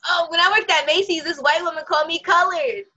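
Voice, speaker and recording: A young adult woman telling stories in a casual chat over a video call, animated, profane and quick to laugh. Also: very high-pitched. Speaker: conversation partner. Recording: muffled video-call audio.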